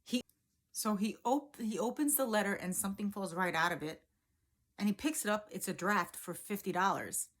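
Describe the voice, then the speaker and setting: Chatty, animated woman coach. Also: medium pitch, moderate pace. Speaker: law of assumption coach. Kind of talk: casual storytelling vlog.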